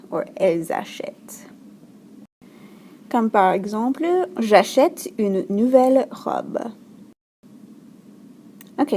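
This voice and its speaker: A woman French teacher talks her class through a grammar lesson in a gravelly, mellow voice. She explains patiently and clearly, with a few fillers, over a faint hum of room noise. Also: medium pitch.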